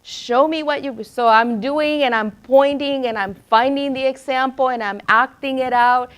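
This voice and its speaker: A woman's voice: sits high, normal speed, clean tone. A middle-aged woman educator presenting to teachers, telling classroom stories and acting out the voices she quotes. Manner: lively storyteller who acts out quoted voices.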